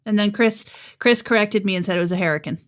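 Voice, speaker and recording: A woman's voice: mid-range voice, quick pace. A woman co-hosting a podcast, a radio host and audiobook narrator, chatting and telling stories in a casual way. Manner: chatty, storytelling. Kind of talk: casual chat.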